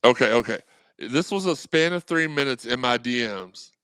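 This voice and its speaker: Smooth-voiced man talking sports. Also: mid-range voice, moderate pace, no echo. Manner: animated, rambling, quotes people in voices. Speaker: podcast guest. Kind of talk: casual sports talk.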